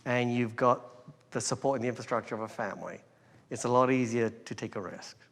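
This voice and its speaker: Guest from England, middle-pitched, loose storyteller, reverberant hall sound. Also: male voice, a little fast. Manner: relaxed storytelling, laughs often, many fillers. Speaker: guest entrepreneur. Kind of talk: conversational interview. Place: hall before a live crowd.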